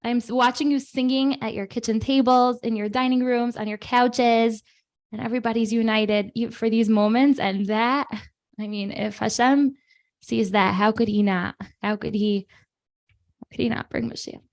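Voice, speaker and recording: A woman's voice: on the high side, fairly even intonation, moderate pace, darkish tone. A woman hosting an online prayer gathering for children, talking casually and chattily with many fillers. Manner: chatty, rambling with fillers and restarts. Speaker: host of a kids' online prayer session. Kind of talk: casual, emotional live talk to children.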